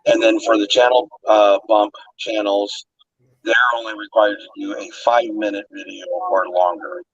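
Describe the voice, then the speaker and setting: Casting: low-pitched male host, patient explainer, dry muffled line. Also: fairly even intonation, moderate pace, breathy edge, dry recording. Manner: explanatory, checks in with frequent "okay?". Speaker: host of a cooking channel event. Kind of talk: casual livestream chat.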